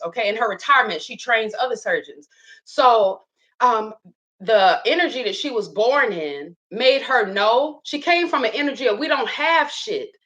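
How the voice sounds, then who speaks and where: A woman's voice: on the high side, sharp tone, rough recording. A woman giving a casual motivational talk who laughs often, cusses freely and repeats lines for emphasis. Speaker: speaker sharing reflections.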